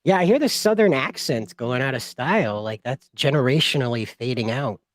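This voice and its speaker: A man rambles through casual chat, joking as he goes. His voice swings widely in pitch, and it is recorded dry and close. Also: expressive, brisk, dry recording.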